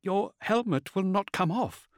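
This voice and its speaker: A man's voice: high-pitched, animated, unhurried, dry recording, clean studio sound, voice pushed up. A male narrator voicing a frightened, devoted young woman who speaks in an anxious, trembling, pleading way.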